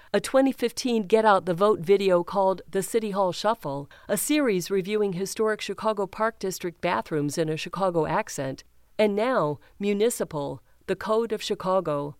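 A woman reading a news feature aloud in a measured, even way, first describing a photograph and then telling the story. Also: mid-range voice, clean tone, no echo, clean studio sound. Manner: measured, even, reads quotes without acting them. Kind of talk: scripted news narration with image description.

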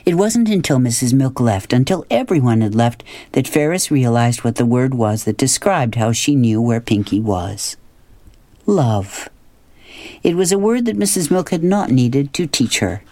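A man narrating a children's storybook, gentle and expressive. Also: mid-range voice, measured pace, no room sound. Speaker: audiobook narrator.

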